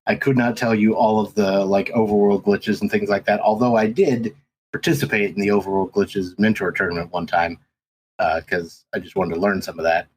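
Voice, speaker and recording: A man's voice: lowish voice, fairly even intonation, fairly quick, darkish tone, a little hiss or hum, poor audio. A man guesting on a podcast, telling stories in casual chat with lots of ums and restarts. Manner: rambling, many ums and restarts. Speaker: podcast guest, race commentator.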